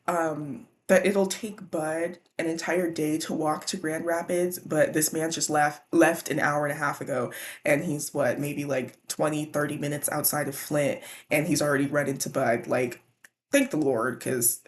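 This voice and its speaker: A woman casually recapping a children's book, animated and slangy. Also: on the low side. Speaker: book vlogger.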